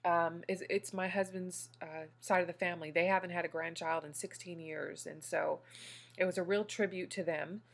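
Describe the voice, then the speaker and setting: A woman's voice: fairly low pitch, steady tone, normal speed, creaky. A woman vlogger and new mother talking casually to her viewers, gushing and emotional.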